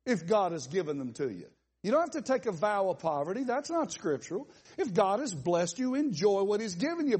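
A man preaching a sermon at a church conference, with a Southern accent and a folksy, animated delivery full of asides and laughs. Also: high voice, husky. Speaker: pastor.

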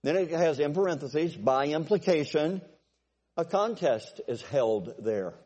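A man's voice: fairly high pitch, lively intonation, a little slow, warm tone, lo-fi sound. A man preaching a sermon in a conversational way, often restarting and checking whether the congregation follows him. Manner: conversational, repeats himself, asks the congregation if they follow. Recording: long hall reverb.

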